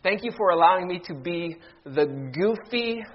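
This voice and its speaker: High-voiced pastor from Ohio. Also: male voice, moderate pace, lo-fi sound. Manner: jokey storyteller turning heartfelt. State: briefly emotional. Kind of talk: sermon with a joke opening. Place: church sanctuary.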